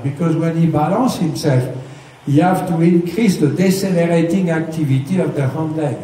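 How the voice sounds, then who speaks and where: A man's voice: on the high side, dark tone. A man giving a hands-on riding lesson, patiently explaining step by step and checking for understanding. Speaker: riding instructor. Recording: echoey, distant mic with faint noise.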